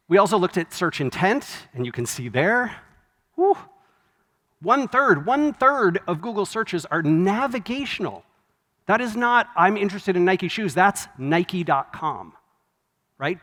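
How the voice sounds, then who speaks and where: A man giving a live conference keynote, conversational and wry, with quick asides and self-corrections. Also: on the high side, a bit bright. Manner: wry, laughs at his own jokes. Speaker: conference speaker. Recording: long hall reverb from a live venue.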